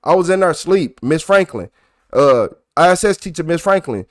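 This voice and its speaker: A young man telling a story to his live chat in a casual, profane way, getting loud and worked up as he retells it. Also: on the high side, lively intonation, normal speed. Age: young adult. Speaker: livestreamer.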